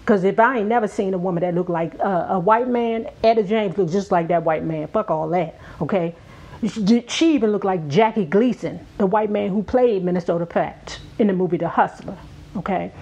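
A woman's voice: medium pitch, normal speed, darkish tone, slightly rough. A woman hosting a casual commentary, reading a book aloud and cutting in with blunt, profane remarks to her viewers. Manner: outspoken, profane, talks straight to viewers. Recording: dull lo-fi audio with faint hum.

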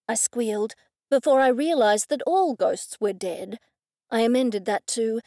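A woman's voice: a little high, unhurried, dark tone, no echo. Woman narrating in a dry studio. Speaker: audiobook narrator. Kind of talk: scripted first-person narration.

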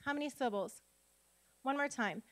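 A woman with a slightly high voice teaches a spelling workshop to a room of adults. She breaks words into sounds and syllables slowly and asks the audience questions as she goes. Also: a bit bright. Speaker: literacy teacher and conference speaker. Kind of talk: workshop talk with spelling dictation. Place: conference room before an audience.

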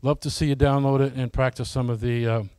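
A man's voice: medium pitch, little pitch movement, fairly quick, a little mellow, smooth, dry recording. Man, folksy club presenter, asks the audience questions, dry close sound. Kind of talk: casual presentation to club members.

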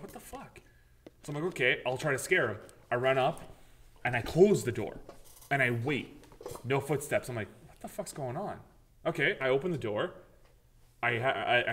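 A man co-hosting a podcast, casually chatting about games and telling animated stories, swearing freely and acting out his own reactions. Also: medium pitch. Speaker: podcast co-host. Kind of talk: casual gaming chat.

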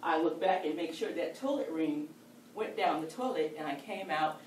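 Animated woman telling a personal story. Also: deep voice, normal speed, a little hiss or hum. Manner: animated and playful. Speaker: storyteller at a speaking club. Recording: echoey room, distant mic, faint ambience.

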